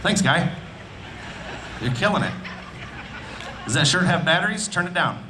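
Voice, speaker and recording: A man from Indiana performing a loud, animated stand-up comedy set on an outdoor festival stage, speaking into a handheld mic. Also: high voice, a little slow, background noise. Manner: loud, animated, punching up lines with shouts.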